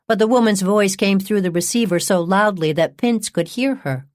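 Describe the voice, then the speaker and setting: A woman reading a true-crime audiobook in a measured, even narration on a close studio mic. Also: medium pitch, no echo.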